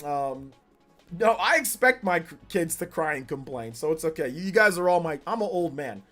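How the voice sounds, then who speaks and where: A man in his forties streaming live and reading chat, laid-back with bursts of animated teasing. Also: a little high, normal speed. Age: 40s. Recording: faint music behind the voice.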